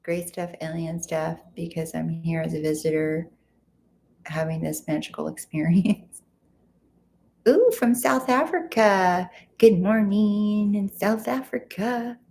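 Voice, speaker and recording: A woman's voice: fairly low pitch, fairly even intonation, a little slow, gravelly, dark tone, slight background noise. A woman hosting a casual livestream, greeting viewers and reading their comments aloud in a chatty, friendly way. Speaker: livestream host.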